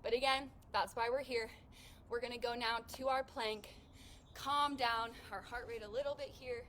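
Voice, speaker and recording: A woman's voice: fairly high pitch, steady tone, normal speed, fairly bright tone, a little hiss or hum. A young woman coaching a workout class, upbeat and encouraging, counting reps aloud while out of breath. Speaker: fitness instructor.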